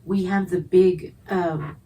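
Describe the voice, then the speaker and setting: A woman co-hosting a casual podcast over drinks, chatty and quick to agree and banter. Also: fairly low pitch, fairly even intonation, warm tone. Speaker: podcast co-host. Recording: distant mic with faint background noise.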